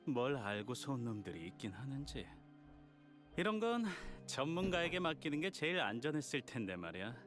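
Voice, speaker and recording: A calm, level-headed male hunter. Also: mid-range voice, very fast, faint music behind. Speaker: game character voice. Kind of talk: Korean voiced game dialogue.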